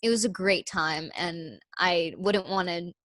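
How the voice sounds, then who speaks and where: A young woman chatting as a guest about her stage work, excited and full of fillers, in a small room on a video call. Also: lowish voice, unhurried, dry recording. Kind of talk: casual chat.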